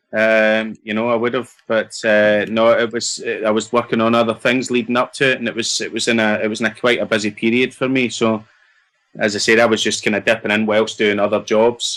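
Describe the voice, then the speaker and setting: A middle-aged actor from Scotland answers interview questions as a guest, chatty, rambling, and self-deprecating. His voice is mid-range with a sharp tone.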